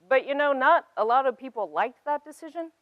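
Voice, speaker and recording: A woman's voice: high-pitched, lively intonation, brisk, no echo, muffled recording. A woman in her thirties giving a personal testimony talk, earnest and emphatic, building to passionate peaks. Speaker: speaker.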